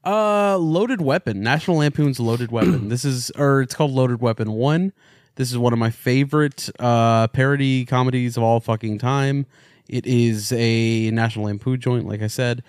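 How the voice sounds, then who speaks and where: A man co-hosting a casual comedy podcast, talking with excitable, profane enthusiasm. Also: medium pitch, moderate pace, dry recording, studio quality. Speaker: podcast co-host.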